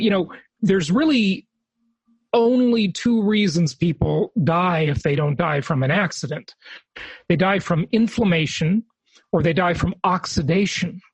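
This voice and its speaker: A male podcast host with a slightly husky voice, recorded dry and close. He chats casually, rambles and restarts his sentences, and turns to address the listeners directly. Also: high voice, no echo, poor audio. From United States. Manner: rambling, self-interrupting, talks to listeners as folks. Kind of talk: casual interview chat.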